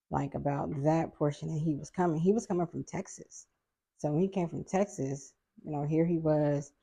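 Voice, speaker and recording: A middle-aged woman guest on a podcast, telling a family story in a casual, animated way and acting out the voices of people she quotes. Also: deep voice, gravelly.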